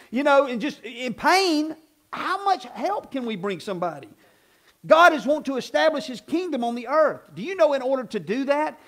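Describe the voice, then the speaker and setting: A man preaching a sermon as pastor, with a folksy, conversational delivery that builds to loud emphatic passages. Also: very high-pitched. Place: church sanctuary.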